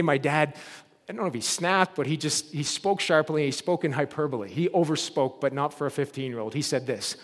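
Animated pastor preaching in a hall. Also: male voice, a little high, a little fast. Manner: animated, rises to loud emphatic peaks. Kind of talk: sermon.

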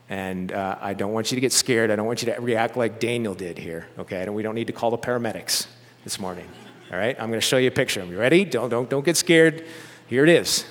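A man preaching a sermon in a church, animated and conversational, with joking asides to the congregation. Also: medium pitch. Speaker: pastor. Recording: long hall reverb.

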